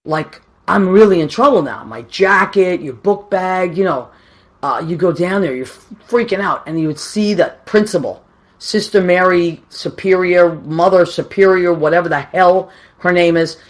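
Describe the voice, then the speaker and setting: A woman's voice: lowish voice, moderate pace. A woman, telling a story about her grandmother in a chatty, self-mocking way with many asides. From Boston, USA. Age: 50s. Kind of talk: casual storytelling.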